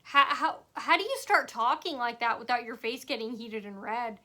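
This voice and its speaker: A woman's voice: fairly high pitch, normal speed, sharp tone. A woman telling a rambling personal story to camera, sarcastic and full of fillers and asides. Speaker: vlogger.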